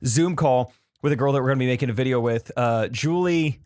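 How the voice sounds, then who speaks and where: Male podcast co-host, rapid-fire animated storyteller, dry close mic. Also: mid-range voice, clean tone, no room sound. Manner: animated storyteller who acts out quotes. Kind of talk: casual chat.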